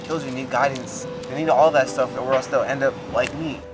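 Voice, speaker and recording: A man in his twenties telling his hard life story, halting and repeating himself, his voice breaking with emotion. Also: medium pitch, steady tone, music in the background. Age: 20s. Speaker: documentary subject. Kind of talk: emotional personal testimony.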